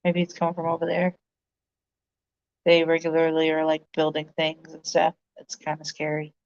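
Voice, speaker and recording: A woman's voice: sits low, monotone, normal speed. A woman hosting a livestream, chatting casually with viewers in a rambling way, full of fillers and laughs, recorded on a phone. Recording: dull lo-fi phone audio.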